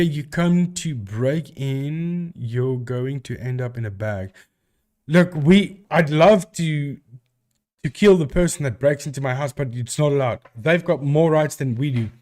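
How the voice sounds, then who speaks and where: A man from South Africa with a South African accent, a live stream host chatting casually and answering viewers with rambling restarts. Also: fairly high pitch.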